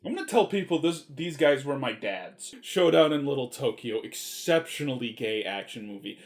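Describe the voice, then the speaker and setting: A man's voice: mid-range voice, expressive, normal speed. Male movie reviewer, casual and rambling, enthusiastic, salty language. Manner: rambling and enthusiastic, swears freely.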